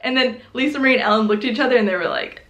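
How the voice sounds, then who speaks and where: A young woman casually telling her birth story to the camera, animated, laughing often and acting out what people said in high voices. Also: racing. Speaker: vlogger. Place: home room. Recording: echoey room.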